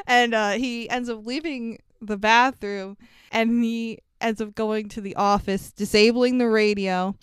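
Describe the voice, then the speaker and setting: A woman co-hosts a podcast and recaps a movie in a chatty way, swearing and laughing as she goes. Her voice is very smooth and resonant. It sits close and dry, with no room sound. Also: medium pitch, no echo. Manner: chatty, swears, laughs often, acts out quotes. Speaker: podcast co-host.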